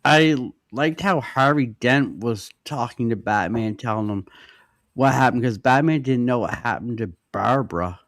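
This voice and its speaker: A man co-hosting a casual podcast, calmly retelling scenes and inviting the others to speak. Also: medium pitch, unhurried, no echo, clean studio sound. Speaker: podcast co-host. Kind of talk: casual comic-book discussion.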